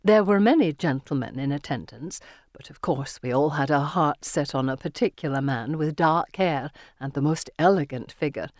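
A fond older schoolteacher tells a tale with a teasing lilt, as a woman narrator puts her on. Her voice sits a little low and the reading is close and dry. It is an audiobook voice for a story. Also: lively intonation, moderate pace, a little mellow, dry recording. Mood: reminiscing. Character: warm chatty older woman teacher, reminiscing.

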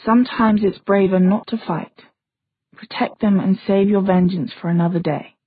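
A woman reading a quiet, grave warrior. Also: mid-range voice, fairly even intonation, moderate pace, husky, no echo, narrow, tinny audio, natural voice. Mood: solemn.

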